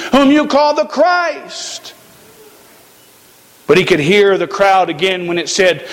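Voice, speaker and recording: A man preaching a sermon in a church, slow and emphatic with dramatic pauses. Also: very high voice, a bit bright, big-room sound. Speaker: pastor.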